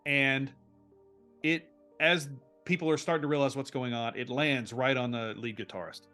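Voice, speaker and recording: A man narrating as game master of a tabletop role-play game, telling the scene in an animated way with frequent restarts. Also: mid-range voice, moderate pace, soft background music.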